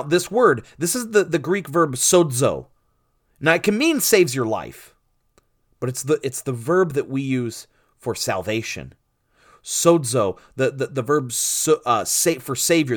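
A man preaching an expository sermon, animated and conversational, with restarts and asides, dropping soft and low on solemn points. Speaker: pastor.

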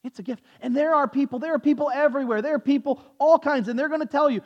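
A man's voice: extremely high pitch, fast talker, dull audio. A male pastor preaching a sermon in a conversational, storytelling manner with a sarcastic edge.

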